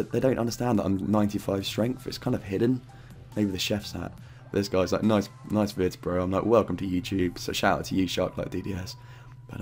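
A man's voice: lowish voice, darkish tone. A man narrating his own game footage in loose, rambling commentary, swearing often and dropping in fillers. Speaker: gaming YouTuber narrating his own gameplay. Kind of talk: casual gameplay commentary.

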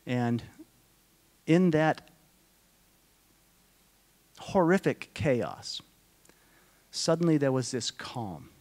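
A middle-aged man speaking to a conference audience, telling a personal story in a slow, halting, deeply emotional way, often dropping to a hush. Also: very animated. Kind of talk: personal testimony talk to an audience. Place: conference hall.

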